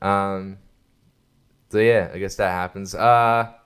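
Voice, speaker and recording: A man's voice: sits low, steady tone, takes it slowly, smooth. A man hosting his own podcast, rambling crudely in a casual solo rant and laughing often. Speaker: podcast host.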